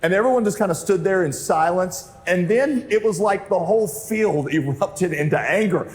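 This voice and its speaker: A man preaching a sermon, telling a story with lively acted-out dialogue that sometimes rises to near shouting. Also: high voice, normal speed, few pauses, long reverb tail. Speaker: pastor.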